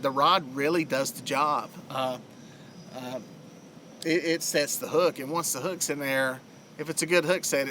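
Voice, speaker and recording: A middle-aged Southern US man runs a fishing livestream from a lakeside, rambling casually to viewers with lots of fillers. His voice is on the high side, pushed and bright, with a slight hiss or hum.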